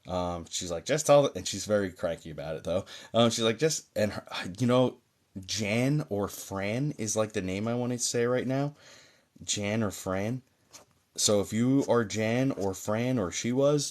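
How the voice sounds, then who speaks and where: A man with a low-pitched voice hosts a live online mediumship session. He talks in a loose, chatty and reassuring way, thick with fillers, and checks in with viewers as he goes. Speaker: psychic medium host. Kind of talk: live-stream mediumship readings. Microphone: phone or desk mic on a live stream.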